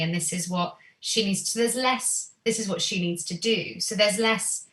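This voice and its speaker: A woman's voice: medium pitch, moderate pace, few pauses, echoey room, distant mic. A woman singer and singing teacher, a podcast guest, talking in a thoughtful, earnest way about her voice and growing up. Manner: earnest, thoughtful, animated when quoting herself. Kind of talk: reflective interview chat.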